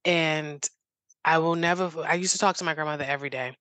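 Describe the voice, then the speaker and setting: A woman's voice: low-pitched, steady tone, quick pace, fairly bright tone, no room sound. A woman guest on a talk show, telling her story in an eager, rambling way full of "like"s and restarts. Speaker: interview guest. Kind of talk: casual interview chat.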